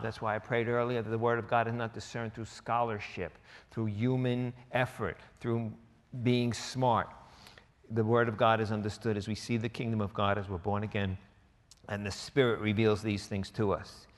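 A man preaching a sermon as pastor, emphatic and conversational, slipping into quoted asides. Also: mid-range voice. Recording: reverberant hall.

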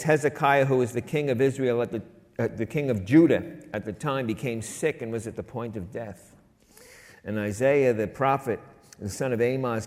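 A middle-aged male pastor preaching in a conversational way, with an average-pitched voice. He leans loud on key phrases and drops soft for asides. His voice trails off in a long hall reverb. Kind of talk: sermon.

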